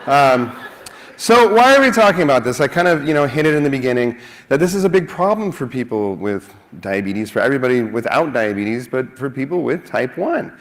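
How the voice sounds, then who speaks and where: A man's voice: medium pitch, brisk. Joking man giving a conference talk. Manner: joking, self-mocking, energetic. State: a little out of breath. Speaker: conference speaker. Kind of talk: lively conference talk with jokes. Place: conference hall.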